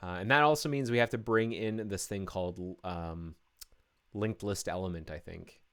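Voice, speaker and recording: A man's voice: on the low side, moderate pace, fairly bright tone, clear, resonant tone. A man live-streaming his coding work, talking through each step casually with many fillers and restarts.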